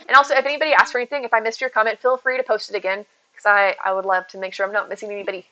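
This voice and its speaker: A woman's voice: medium pitch, level tone, rapid-fire, pushed and bright. A young woman casually chatting on a live stream, reading out and answering chat and thanking viewers with giggly asides. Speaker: streamer hosting a game stream. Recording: dull lo-fi stream audio. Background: faint game music.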